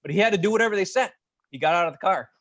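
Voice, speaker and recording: A man's voice: high voice, animated, a bit bright, dry recording. A man co-hosting a casual podcast chat, passionate and easily fired up. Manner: fired-up, passionate, talks fast. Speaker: podcast co-host.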